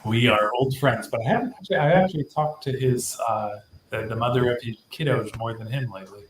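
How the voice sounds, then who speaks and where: A man's voice: mid-range voice, brisk. Joking man hosting a livestream. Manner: rambling, playful, joking. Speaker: livestream host. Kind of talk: casual chat. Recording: echoey room with loud background noise.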